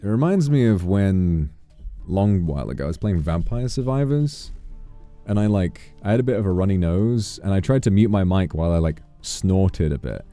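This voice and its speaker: Deep-voiced man on a playful stream. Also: animated, normal speed, mellow, faint music behind. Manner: playful, sings and rants in mock outrage. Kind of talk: casual live-stream chat.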